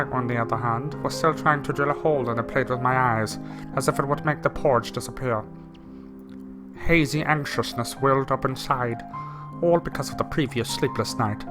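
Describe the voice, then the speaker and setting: A man's voice: mid-range voice, moderate pace. Young man reading a game aloud. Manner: playful, jokey asides while reading. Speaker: gamer. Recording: loud game music behind.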